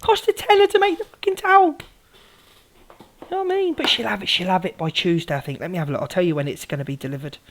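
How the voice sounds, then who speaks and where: A woman's voice: fairly low pitch, expressive, fast. Swearing woman streaming live. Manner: chatty, swears freely, shouts greetings to viewers. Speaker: livestream host. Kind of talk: casual live-stream chat.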